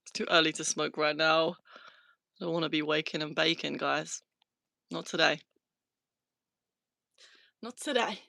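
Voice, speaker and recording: A woman's voice: low-pitched, flat delivery, normal speed, gravelly, pauses often, bright, forceful tone, no room sound. A British woman hosting a casual livestream, reading and answering viewer comments, laughing often and swearing freely. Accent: British English. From Britain. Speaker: livestream host.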